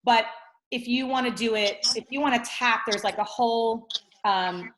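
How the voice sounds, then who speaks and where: A woman's voice: on the high side, normal speed, fairly bright tone. A woman guest explaining something in casual chat, tagging her sentences with "like" and "right?", heard over a video call. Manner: chatty, many "like" and "right?" tags. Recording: roomy video call audio.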